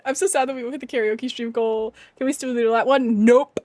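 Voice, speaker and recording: A young woman chatting casually to her live stream viewers, with a high, bright-pitched voice. The sound is dry and close, with no room around it. She talks animatedly, laughs often and rants with emphasis. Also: quick pace, few pauses, no room sound.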